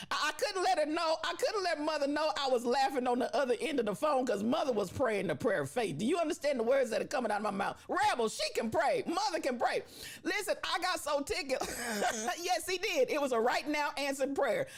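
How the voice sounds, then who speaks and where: A woman hosting a live stream in a high, lively voice that swoops up and down. She laughs often, repeats phrases for emphasis and calls her viewers baby and sister as she gives them shout-outs. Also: a little fast.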